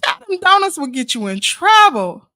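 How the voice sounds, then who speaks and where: Bright, chatty woman hosting live. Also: very high voice, sing-song, normal speed, no room sound, studio quality. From Mississippi, USA. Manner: chatty and sassy, calls viewers "child" and "honey". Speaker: live stream host. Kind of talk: casual live chat with viewers.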